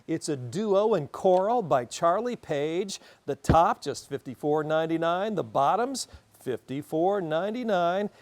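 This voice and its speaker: Peppy male TV segment host. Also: a little high. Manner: peppy, salesy product patter. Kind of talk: upbeat local TV segment hosting.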